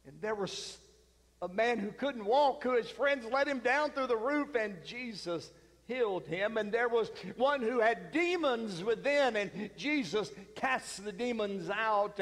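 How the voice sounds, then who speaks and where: A man preaching a sermon, retelling a story dramatically with pauses. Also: sits high, in a large hall.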